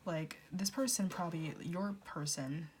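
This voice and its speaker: A woman's voice: lowish voice, measured pace, darkish tone, a little hiss or hum. A woman in her twenties giving a blunt, rambling pick-a-card tarot reading, full of restarts and fillers, swearing freely. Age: 20s. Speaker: tarot reader.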